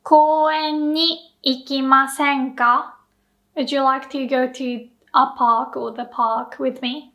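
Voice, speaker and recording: Japanese woman, language teacher, high bright voice, playful with examples. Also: little pitch movement, slow, dull audio. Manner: playful, acts out example lines. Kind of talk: explaining grammar to camera.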